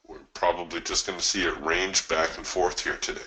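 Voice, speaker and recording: Forceful-sounding male trading coach. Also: sits low, fairly even intonation, fairly quick, low-quality recording. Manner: conversational, explains with stories, addresses listeners directly. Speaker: trading coach and webinar host. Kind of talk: live trading webinar talk.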